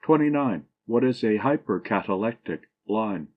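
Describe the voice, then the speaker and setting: Low-voiced man reading grammar aloud. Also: narrow, tinny audio. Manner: measured, even reading of numbered questions and answers. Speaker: audiobook narrator.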